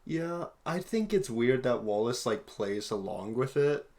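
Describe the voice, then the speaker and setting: A woman with an unusually deep voice speaks as a guest on a casual movie-review chat. Her delivery is deadpan and earnest, with a playful edge. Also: measured pace.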